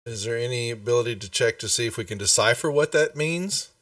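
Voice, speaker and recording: A man's voice: mid-range voice, a little fast, fairly bright tone, no echo, studio quality, far from the mic. A man playing a tabletop game, chatting casually and playfully and asking questions. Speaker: player.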